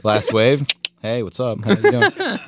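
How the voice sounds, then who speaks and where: Lively young man laughing through chat. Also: mid-range voice, a little slow, slight background noise. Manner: laughing, joking, swearing often. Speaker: podcast co-host. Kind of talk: casual chat.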